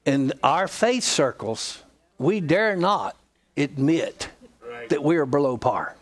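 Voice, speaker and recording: Folksy Southern pastor, lively high voice. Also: male voice, takes it slowly. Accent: Southern American. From Georgia, USA. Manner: folksy storytelling with humor. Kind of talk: sermon.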